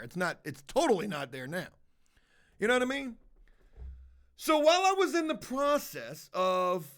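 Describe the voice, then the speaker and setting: A man's voice: sits high, a bit bright. A man ranting profanely to his livestream chat, rambling from one jab to the next and mocking a viewer. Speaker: streamer talking to chat. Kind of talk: casual livestream rant.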